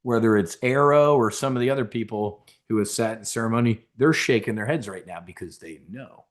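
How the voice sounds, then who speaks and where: A man's voice: lowish voice, fairly quick. A man hosting a live webinar, talking casually in a rambling, emphatic, preacher-like way. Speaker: webinar host.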